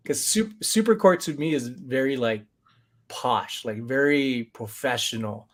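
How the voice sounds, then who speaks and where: A man hosting a relaxed conversation, full of animated storytelling. He slips into quick voices to act out what others said, and his pitch sits in an ordinary middle range. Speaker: podcast host. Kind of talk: casual chat.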